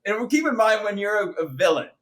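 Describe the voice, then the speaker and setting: A fired-up man co-hosting a movie podcast, ranting with lively emphasis in a fairly high voice. His casual chat with friends builds to excited complaints. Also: brisk. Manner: animated, ranting, mocking impressions. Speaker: podcast co-host. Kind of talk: casual film review chat.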